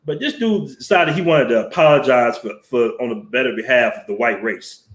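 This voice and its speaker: Male host, blunt and profane; mid-pitched, echoey room, headset mic. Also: a little fast, fairly bright tone. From Southern US. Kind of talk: casual live-stream storytelling. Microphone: headset mic with headphones.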